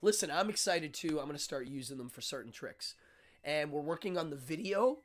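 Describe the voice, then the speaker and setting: A man's voice: on the high side, fairly quick. Rambling man hosting a live stream. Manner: rambling, animated, frequent fillers and restarts. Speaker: host of a live stream show. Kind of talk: casual live-stream monologue.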